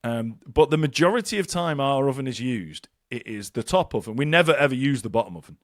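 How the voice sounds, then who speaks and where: A man's voice: medium pitch, expressive, quick pace, no echo, clean studio sound. A man co-hosting a casual podcast chat, rambling and self-mocking with lots of hesitations. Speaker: podcast co-host.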